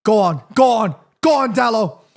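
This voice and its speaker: Young male watchalong host, high-pitched, excitable match reactions with lots of swearing. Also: moderate pace. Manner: excitable, pleading, swears freely. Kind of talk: live match reaction commentary.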